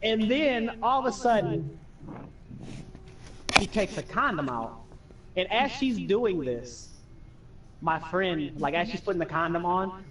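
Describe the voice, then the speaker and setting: Captured on a distant mic, a young man with a high-sitting voice plays a game and casually spins profane stories. He animatedly voices the friends and family he quotes.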